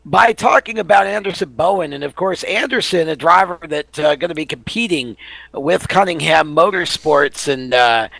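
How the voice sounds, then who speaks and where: Bright-voiced male radio host. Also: on the high side, gravelly, no room sound. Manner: upbeat, measured delivery with fillers. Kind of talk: radio motorsports talk show.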